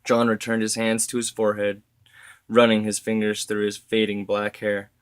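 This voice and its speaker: A man reading his story aloud as narrator, steady with occasional self-corrections. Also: on the low side, normal speed, smooth, dry recording.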